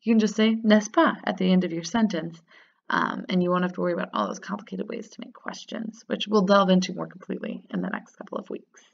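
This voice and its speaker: A woman teaching a grammar lesson in a lower-pitched voice. She stays upbeat and patient, slowing down to repeat words. The recording sounds dull and lo-fi. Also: lively intonation, gravelly. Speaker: French teacher.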